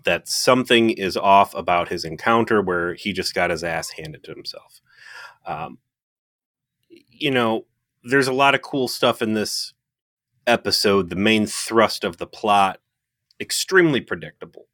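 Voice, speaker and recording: Low-voiced, forceful man co-hosting a podcast. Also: unhurried, no echo, clean studio sound. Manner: opinionated, wry, swears casually. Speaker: podcast co-host. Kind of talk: casual review chat.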